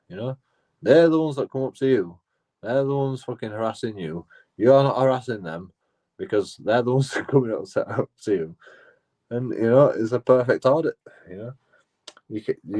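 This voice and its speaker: A man's voice: mid-range voice, darkish tone. A man rambling casually in a profane, repetitive monologue, restarting his phrases as he talks. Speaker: auditor vlogger.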